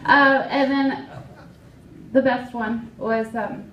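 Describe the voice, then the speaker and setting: A woman's voice: fairly high pitch, steady tone, takes it slowly, pauses often, a bit bright, slight background noise. A woman doing a stand-up comedy set in a club, telling wry, self-mocking stories full of fillers. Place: live comedy club stage. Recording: roomy, distant live club recording.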